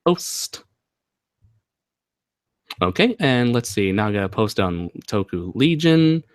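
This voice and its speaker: A man's voice: lowish voice, big pitch swings, slow pace, no echo, studio quality. A man hosting a casual livestream chat, laughing often, swearing and dropping into voice impressions. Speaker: channel host.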